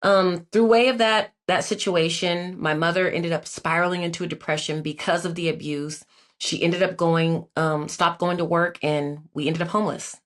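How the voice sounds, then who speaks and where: A woman's voice: fairly low pitch, fairly even intonation, moderate pace. A woman in her forties, a guest in an interview, telling her life story in an earnest, reflective way with many filler words. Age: 40s. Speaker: guest, Olympic athlete.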